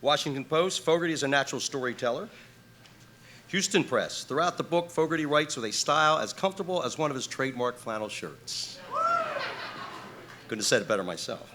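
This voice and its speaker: A man's voice: medium pitch, animated, fairly quick, bright, forceful tone, slight background noise. A middle-aged man giving a live introduction, a rambling, self-deprecating storyteller full of fillers and restarts. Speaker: guest introducing the main speaker. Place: live venue before an audience.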